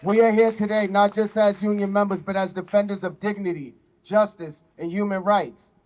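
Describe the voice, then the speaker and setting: High-voiced man giving a firm rally speech. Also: fairly even intonation, a little mellow. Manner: firm, declarative, measured. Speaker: union business agent. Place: outdoor rally.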